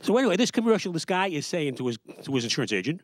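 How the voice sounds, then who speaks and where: A man's voice: on the high side, big pitch swings, rapid-fire. A man doing a rambling, sarcastic stand-up comedy routine, acting out the people he quotes. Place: small studio.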